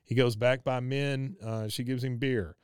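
A man's voice: medium pitch, steady tone, a little slow, a little mellow, smooth, dry recording, studio quality. A man hosting a podcast, casually retelling cartoon scenes with lots of uhs and chuckles. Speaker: podcast host. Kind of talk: casual episode recap.

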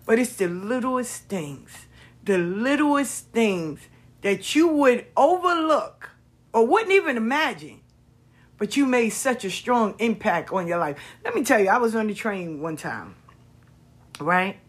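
A woman hosting a podcast, telling stories in a casual monologue, expressive and repetitive, swearing freely. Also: a little high, unhurried, husky. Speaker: podcast host.

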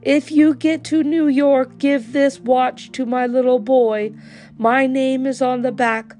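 A woman's voice: high voice, fairly even intonation, takes it slowly, mellow, faint music behind, pitched above the performer's own voice. A woman voicing a desperate father in a fur coat, pleading and urgent, in a storybook reading.

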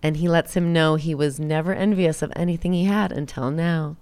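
A young woman co-hosting a podcast, retelling a movie scene by scene and acting out the characters' lines in quick voices. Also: sits low, steady tone, a little mellow, clean tone. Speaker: podcast co-host recapping a movie. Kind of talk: casual chat.

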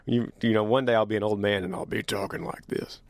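A man hosting a casual monologue to his viewers, animated and joking, teasing as he talks. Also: lowish voice, fast, no room sound. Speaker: host.

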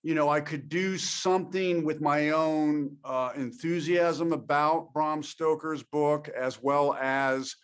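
Reflective, halting male actor. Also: fairly high pitch, fairly even intonation. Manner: thoughtful, halting, with many restarts. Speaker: actor, interview guest. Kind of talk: reflective interview answers.

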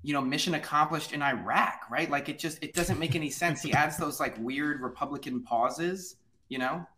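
A man's voice: a little high, moderate pace, pushed and bright. A man on a panel over a video call, chatting in a wry, conversational way. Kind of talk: casual panel chat.

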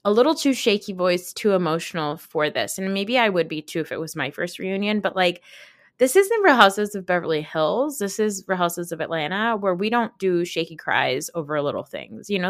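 A woman podcast host recapping a reality show in a casual, chatty way, with lots of fillers and quick asides. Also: fairly low pitch, big pitch swings, no echo, clean studio sound.

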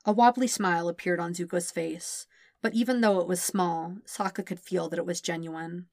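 A woman reading a fan fiction audiobook in a steady, gentle storytelling manner. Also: fairly low pitch, moderate pace, no echo, clean studio sound. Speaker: podfic reader.

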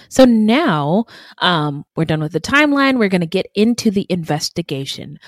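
A woman's voice: lowish voice, very animated, moderate pace, no echo. A woman co-hosting a true crime podcast, chatting casually with blunt asides and frequent laughter. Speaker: podcast co-host.

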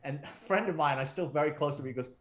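A middle-aged man with a somewhat high voice tells old work stories as an interview guest. He swears freely, cracks jokes and slips into other people's lines as he acts out quotes. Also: rapid-fire, fairly bright tone. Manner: profane, wisecracking storyteller who acts out quotes. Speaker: retired police detective, guest. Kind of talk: casual storytelling interview.

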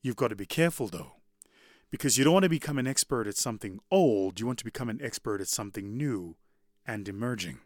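A man giving a motivational talk in an animated, conversational way, often turning to the audience. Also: medium pitch, fast, no echo, clean studio sound. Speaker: public speaker.

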